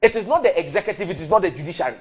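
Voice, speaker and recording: A man arguing hard in a heated live TV debate, emphatic and quick to interrupt. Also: high-pitched, expressive, husky. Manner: combative, emphatic, interrupts often. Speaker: member of parliament.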